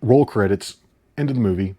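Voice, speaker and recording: A man's voice: fairly low pitch, brisk, warm tone, a little hiss or hum. A man reviewing a movie in a casual, incredulous rant, swearing casually.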